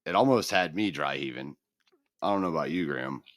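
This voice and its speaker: Speaking fairly quickly in a bass voice, a middle-aged man co-hosts a podcast and chats casually. He's an animated storyteller who performs the voices of the people he quotes, captured in a dry, clean studio recording.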